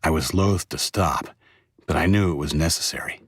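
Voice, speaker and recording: Male audiobook narrator, low husky voice, steady delivery, dry close sound. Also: normal speed, no room sound. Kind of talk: first-person audiobook narration.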